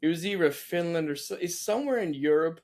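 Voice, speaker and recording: A man with a fairly high voice co-hosts a casual comedic podcast. He tells stories in an animated way with plenty of fillers, and he breaks into mocking voices to act out the people in them. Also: fast talker. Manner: animated storytelling with mocking impressions, many fillers. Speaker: podcast co-host.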